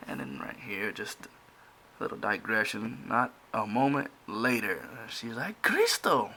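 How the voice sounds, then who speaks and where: A man's voice: fairly low pitch, unhurried, pushed and bright, a little hiss or hum. A man casually walking through pages of his own comic, rambling with many restarts and fillers. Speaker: comic creator.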